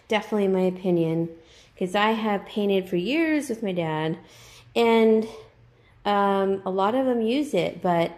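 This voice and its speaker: A chatty woman talks through a DIY painting job inside her house, her voice sitting at an ordinary middle pitch. She rambles with fillers and quick little laughs, sounding rushed to finish before time runs out. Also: darkish tone. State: hurried, under time pressure. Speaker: DIY vlogger. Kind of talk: casual vlog narration while painting. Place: inside a house, on the stairs and landing.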